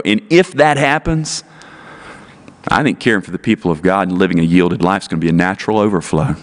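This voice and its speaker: A man with a low, deep voice preaches a sermon from the pulpit. His delivery is earnest and emphatic, and he drives each point home with one rhetorical question after another. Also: animated, fairly quick. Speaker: pastor.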